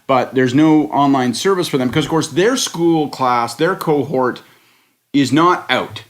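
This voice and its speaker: A man's voice: mid-range voice, unhurried. A man on a political panel, chatting casually in a sardonic, rambling way with the odd swear word. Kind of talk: casual chat.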